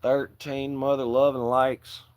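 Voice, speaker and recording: A man hosting a casual livestream, joking loosely and swearing as he shouts out viewers by name and reads out their comments. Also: mid-range voice, level tone, takes it slowly. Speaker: livestream host.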